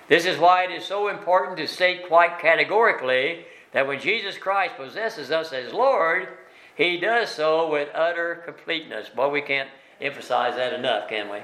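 A man's voice: fairly high pitch, pushed and bright. A man teaching a Bible study in a plain, folksy way with frequent fillers. He keeps turning points into questions for his listeners. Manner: asks rhetorical tag questions. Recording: echoey room.

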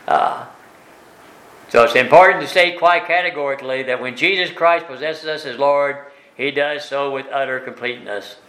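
A man's voice: mid-range voice, moderate pace, bright, forceful tone. Guy teaching bible study, folksy, lots of uh's and isn't-it questions, roomy echo. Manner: asks rhetorical tag questions; plain folksy speech with frequent fillers. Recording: echoey room.

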